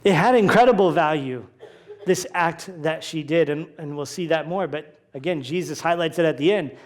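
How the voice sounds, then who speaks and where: A man with a rather high voice preaches a sermon. His talk is conversational and full of asides, and he briefly slips into quoted voices to act them out. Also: normal speed. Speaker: pastor.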